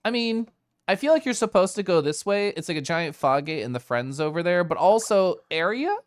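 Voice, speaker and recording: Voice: medium pitch, expressive, fairly quick, no echo, clean studio sound. A streamer casually chatting with viewers while playing a game, giggly and playful. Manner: giggly, playful, talking to chat. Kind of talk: casual live-stream gameplay chat. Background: faint game music.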